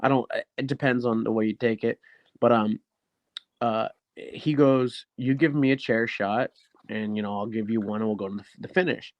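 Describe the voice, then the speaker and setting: On dull audio with no room sound, a lowish-voiced man talks at a moderate pace. A professional wrestler guesting on an interview show, he tells stories casually and with energy, performs the quoted lines, and swears a lot.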